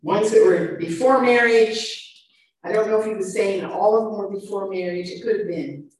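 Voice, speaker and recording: A woman delivers a sermon with animated emphasis, rising and dropping in volume. Her voice sits at a middle pitch. It comes from a distance in a very echoey room. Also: normal speed. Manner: animated, shifting loud and soft emphasis. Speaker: preacher. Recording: echoey room, mic far off.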